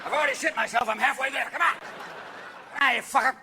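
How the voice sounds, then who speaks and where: A man's voice: very high voice, fast talker, crowd noise. A man voicing a belligerent drunk picking a fight at a bar, slurred, aggressive and profane, recorded at a live show. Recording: live show, loud audience noise.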